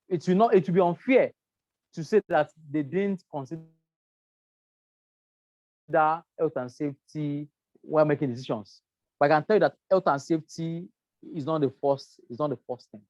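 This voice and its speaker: A woman's voice: sits low, darkish tone, dry recording, muffled recording. A woman teaching a health and safety class, stressing key words, repeating herself and checking in with "right?". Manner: emphatic, repeats words, asks "right?" often. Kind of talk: lecture to a class.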